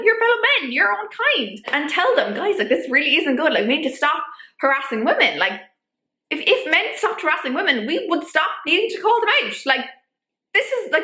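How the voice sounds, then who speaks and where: A young woman vlogger making her case in an animated, rhetorical way, with many fillers. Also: sits high. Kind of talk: opinion vlog. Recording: echoey room.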